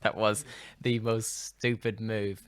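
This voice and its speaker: A man co-hosting a casual film review podcast, animated and jokey, often laughing and doing silly voices. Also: lowish voice, slow, clear, resonant tone, dry recording. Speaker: podcast co-host.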